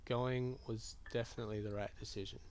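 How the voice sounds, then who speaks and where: A man streaming a game, reading typed chat messages and reply choices aloud in a low-key, musing way. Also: flat delivery, fairly quick, darkish tone. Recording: clear keyboard typing behind voice.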